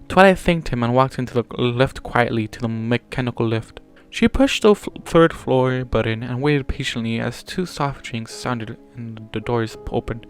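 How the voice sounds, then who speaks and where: A man's voice: mid-range voice, normal speed. A man reading a fan story aloud, plainly, with small slips that he corrects as he goes. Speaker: fanfiction reader. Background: faint music.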